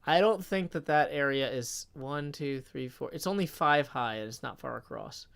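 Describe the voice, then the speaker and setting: A man's voice: medium pitch, normal speed, creaky, fairly bright tone, clear, resonant tone. A man live-streaming a game, chatting casually, reading out tips and counting blocks under his breath.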